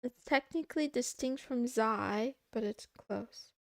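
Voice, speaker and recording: A woman's voice: fairly high pitch, measured pace, vocal fry, no echo, studio quality. A young woman streaming from her desk, chatting playfully with her chat while she works through coding tasks. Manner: playful, talks to chat while working, giggly. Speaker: VTuber streamer. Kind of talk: casual coding livestream chat.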